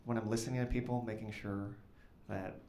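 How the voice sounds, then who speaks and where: Deadpan stand-up comic in an echoey club. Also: male voice, lowish voice, fairly quick. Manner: deadpan, awkward, builds to loud laughing punchlines. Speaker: stand-up comedian. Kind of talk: stand-up comedy set. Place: comedy club stage with live audience. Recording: echoey club with audience noise.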